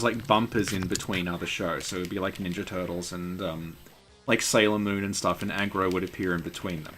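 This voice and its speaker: A man's voice: on the low side, fairly bright tone. A man hosting a game stream who chats casually and tells rambling, wry stories.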